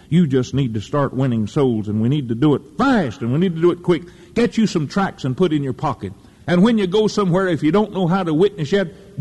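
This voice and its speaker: Fervent preacher in an echoey hall. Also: male voice, on the high side, lively intonation, fairly quick, a little mellow, breathy edge. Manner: fervent, folksy storytelling preacher. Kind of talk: sermon.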